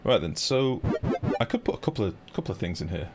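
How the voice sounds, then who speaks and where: A chatty young man with a low voice that jumps high when he gets excited, commenting on a game live. He swears freely and talks straight to his viewers. Music plays clearly behind him. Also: fast. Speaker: game streamer. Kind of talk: casual live-stream commentary.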